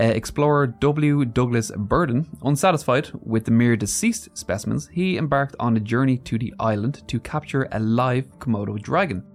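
A man in a middle-pitched voice co-hosts a casual podcast, reading out facts and drifting into loose asides. Faint music sits underneath. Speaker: podcast co-host. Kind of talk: casual storytelling chat.

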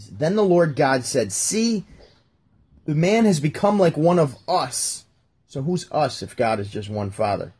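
A man's voice: mid-range voice, darkish tone, breathy edge. A man hosting a casual talk, reading Bible verses aloud and joking about them as he goes. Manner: jokey, talks while flipping through pages. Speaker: podcast host reading scripture.

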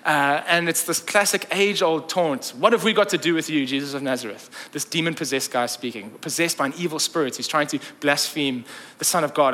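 A man preaching a sermon, retelling a story in a lively, conversational way with jokes and asides. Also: a little high. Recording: long reverb of a large hall.

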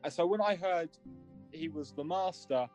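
A man hosting a podcast, relaxed and jokey. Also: on the high side, moderate pace, soft background music. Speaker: podcast host. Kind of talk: casual podcast chat.

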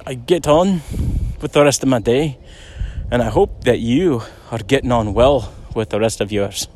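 Out on a walk outdoors, a middle-aged man tells a story in a rambling, chatty way, sprinkling in plenty of "you know"s. His mid-range voice is a little mellow, and there's a little hiss or hum on the recording.

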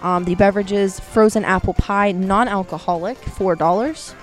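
A woman co-hosting a casual podcast, chatting and reading food and drink items slowly and carefully, recorded outdoors. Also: mid-range voice, steady tone, faint music behind. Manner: chatty, reads item names slowly and carefully. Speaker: podcast co-host. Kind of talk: casual chat reading a menu. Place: outdoors at home.

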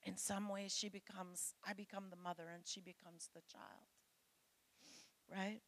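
A woman's voice: mid-range voice, level tone, unhurried, a bit bright. A middle-aged woman preaching a sermon to women, earnest and pleading as she speaks straight to her listeners.

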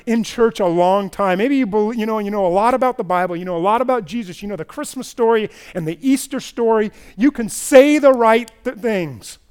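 A man preaching a sermon as pastor at a church service, swinging between loud emphatic stretches and quiet low passages. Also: clear, resonant tone.

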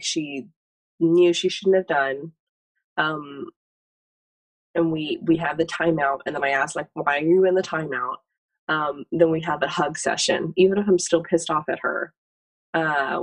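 A woman's voice: low-pitched, dry recording, recorded from a distance, rough recording. A woman talking candidly about parenting in a casual group conversation, rambling and reflective. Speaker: parent in a discussion.

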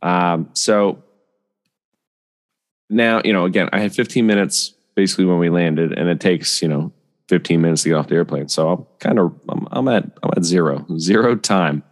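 A man's voice: deep voice, moderate pace, big-room sound. A man casually telling a long, rambling travel story as a podcast host, full of fillers and asides.

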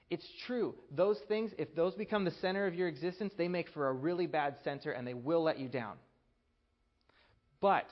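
Earnest male preacher, lo-fi sound. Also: fairly high pitch. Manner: earnest, with rising emphatic peaks and hushed storytelling stretches. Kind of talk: sermon.

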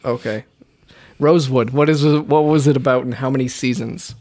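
A man's voice: mid-range voice, steady tone, a little fast, darkish tone. A man running a casual TV-show quiz with a friend, teasing, laughing a lot and swearing now and then. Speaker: podcast co-host running a TV quiz. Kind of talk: casual chat.

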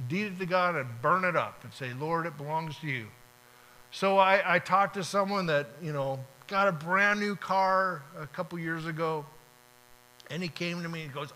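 In a fairly high, pushed, bright voice, a male pastor preaches at a moderate pace. His sermon is casual, dotted with acted-out little prayers and dialogues. Audio is poor, with slight background noise.

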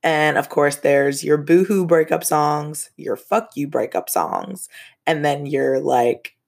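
A woman's voice: sits low, slow pace, creaky, darkish tone. A young woman hosting a casual podcast, telling a story with frank, profane asides and laughs.

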